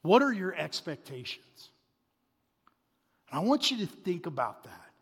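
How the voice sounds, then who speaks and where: High-voiced pastor in a reverberant hall. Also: male voice, a little slow, slightly rough. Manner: animated, swings between loud bursts and hushed asides. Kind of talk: sermon with storytelling.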